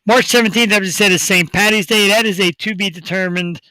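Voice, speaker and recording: A male talk show host hyping up upcoming guests in a rambling, excitable way. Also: sits high, brisk, no room sound, low-quality recording. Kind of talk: casual talk show chat.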